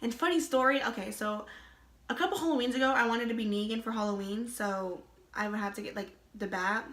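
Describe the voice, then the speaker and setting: A woman's voice: on the high side, a little fast, a bit bright. A young woman telling a personal story in a casual vlog, chatty and full of "like", with laughing asides. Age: young adult. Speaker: vlogger. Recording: roomy echo.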